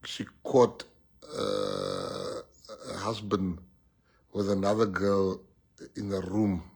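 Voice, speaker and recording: A man's voice: low-pitched, expressive, slow pace, gravelly, a little mellow, breathy edge. A man with a South African accent giving a rousing, joking political speech and switching languages.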